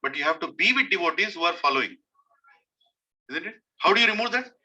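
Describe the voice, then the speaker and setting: A man's voice: high voice, animated, fast, bright, forceful tone, husky, highs cut off. A man with an Indian accent giving a devotional sermon, emphatic and repeating his key phrases. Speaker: preacher.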